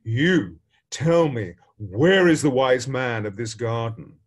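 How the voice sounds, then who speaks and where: A proud samurai warrior, voiced by a man, bellows his demands slowly and loudly. He sounds commanding and furious as the parable is told aloud. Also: medium pitch, lively intonation, breathy edge. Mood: demanding.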